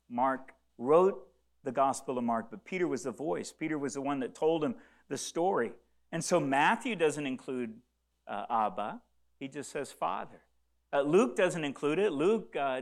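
A man preaching a sermon as a pastor, earnest, repeating phrases and swinging between soft and loud for emphasis. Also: a little high.

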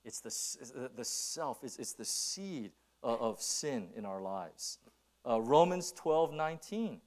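Animated man preaching a sermon. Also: medium pitch. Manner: animated storytelling with many restarts, then slow emphatic preaching. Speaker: pastor.

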